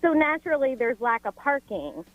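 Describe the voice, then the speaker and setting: A woman calls in to a morning radio show over a tinny phone line, venting her grievance with plenty of "like" and little pauses. Her voice sits a touch high and sounds dry and close. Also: big pitch swings, no echo, soft background music. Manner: exasperated, filler-heavy storytelling. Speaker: caller. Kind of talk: casual call-in chat.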